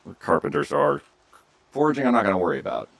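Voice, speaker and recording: A man's voice: mid-range voice, sing-song, fast, creaky, breathy edge, no room sound, distant mic. A man streaming a game, chatting and joking with his chat as he plays. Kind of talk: casual gameplay commentary. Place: room at home.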